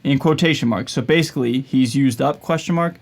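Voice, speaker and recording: A man's voice: mid-range voice, brisk, gravelly. A young man hosting a casual commentary video, stumbling and hesitant, with lots of fillers. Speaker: YouTube host.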